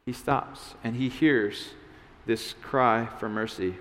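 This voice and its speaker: A man's voice: mid-range voice, steady tone, slow pace, fairly bright tone. Man preaching casually in a reverberant hall. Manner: conversational, many restarts and fillers, acts out voices. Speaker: pastor. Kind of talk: casual sermon.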